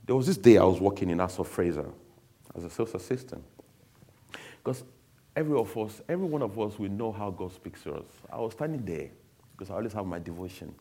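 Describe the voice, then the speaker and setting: Deep husky guy sharing his testimony, blunt and open, gets emotional. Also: lively intonation, brisk, warm tone. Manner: candid and blunt, emotional storytelling. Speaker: speaker giving a testimony. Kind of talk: personal testimony to an audience.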